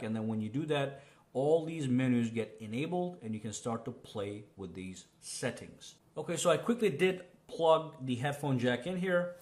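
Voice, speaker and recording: Casual man walking through phone settings. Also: medium pitch. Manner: relaxed, chatty, frequent "okay?" check-ins. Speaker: tech reviewer. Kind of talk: casual screen walkthrough.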